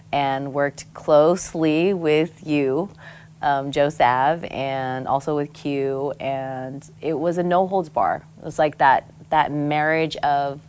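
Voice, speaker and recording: Woman from american samoa, low voice, blunt and lively storytelling in an interview, laughs a lot. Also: a little hiss or hum. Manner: frank and expressive, laughs often. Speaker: interview guest. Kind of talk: candid conversational storytelling.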